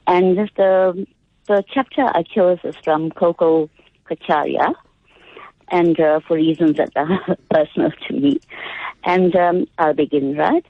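A woman's voice: lowish voice, measured pace, no room sound. A woman caller reading a book aloud over the phone, careful with small restarts, on a tinny phone line.

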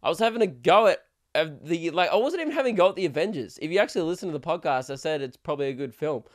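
A man's voice: on the high side, expressive, racing. A young man hosting a solo podcast, rambling crudely and laughing often. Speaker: podcast host. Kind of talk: casual solo podcast rant.

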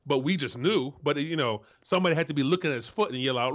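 A man's voice: quick pace, hardly any pauses, fairly bright tone, highs cut off. Blunt, profane man on sports talk. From Florida. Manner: blunt and profane, acts out quotes in a high voice. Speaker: co-host, former NFL player.

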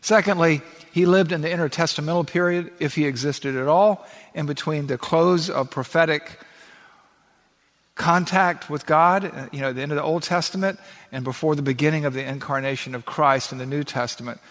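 A middle-aged man preaching a sermon as pastor, animated and full of rhetorical questions. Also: on the high side, normal speed, big-room sound.

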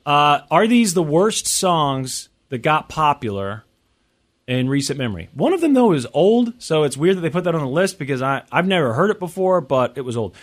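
A man hosting a talk show, chatting casually in a rambling, excitable way. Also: on the high side. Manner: excitable, rambling, quick to interrupt. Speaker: radio show host. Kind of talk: casual studio chat.

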